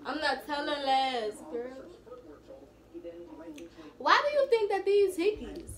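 A woman's voice: sits high, big pitch swings, takes it slowly, crowd noise. An eighteen-year-old woman vlogging a prank on her grandmother, teasing and laughing as she talks. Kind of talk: casual prank vlog.

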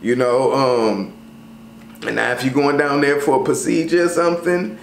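A man talking casually to camera about travel tips, slangy and animated, full of fillers. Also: mid-range voice, moderate pace. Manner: loose, slangy, animated storytelling with many fillers. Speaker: travel vlogger. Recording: roomy sound with faint ambient noise.

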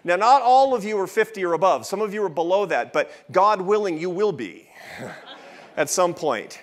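A man's voice: sits high, lively intonation, normal speed. A man in his fifties giving a keynote talk at a festival, telling a personal story with wry asides. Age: 50s. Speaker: think-tank president giving a festival talk. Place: large event hall with an audience.

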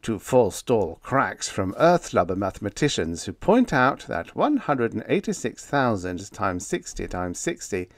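A man's voice: fairly low pitch, very animated, a little slow, few pauses, no echo. A man reading a humorous vintage sci-fi story aloud in scripted narration, wry and playful. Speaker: audiobook reader.

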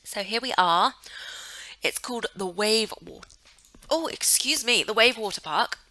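Playing a life-sim game for her gaming channel, a young woman comments casually, chatting, giggling and gushing at what's on screen. She speaks at medium pitch, unhurried, in a sharp tone, with no echo.

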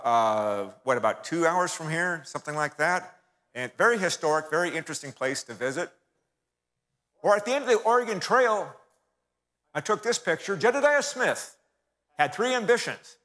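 A man speaks from the pulpit, telling history as a lively story and calling his listeners folks. His voice is bright and sits a little high. A long reverb from the church hall trails each phrase. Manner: storytelling, addresses audience as folks.

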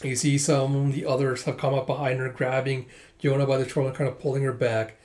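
A man reading a manga aloud, chatty and casual, narrating the panels with quick asides. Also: medium pitch, flat delivery, a little mellow. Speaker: manga reader. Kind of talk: casual comic readthrough.

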